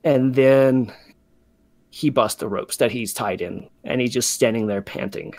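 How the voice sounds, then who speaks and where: A man's voice: medium pitch, unhurried, darkish tone, no echo. A man narrating as game master in a tabletop game, talking loosely with many fillers and restarts.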